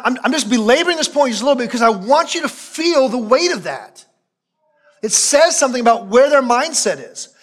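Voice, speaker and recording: High-voiced man preaching a sermon. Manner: emphatic preaching, repeating phrases for weight; drops to a low, quiet voice for solemn points. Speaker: pastor.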